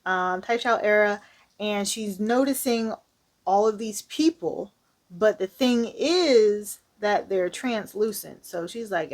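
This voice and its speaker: A woman's voice: mid-range voice, slow pace. A woman reviewing a manga, retelling the plot in a casual, slangy style with candid asides.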